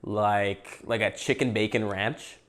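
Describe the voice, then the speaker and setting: A man's voice: on the low side, steady tone, slow pace, fairly bright tone. A young Canadian man hosting a casual podcast livestream, rambling and joking while he eats. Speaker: podcast host.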